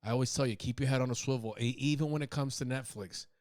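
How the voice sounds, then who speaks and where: A man's voice: medium pitch, quick pace, a little mellow, dry recording. Guy ranting on his podcast, swears a lot, medium voice, dry close sound. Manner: profane, rambling, laughs at own jokes. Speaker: podcast host. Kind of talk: casual comedic monologue.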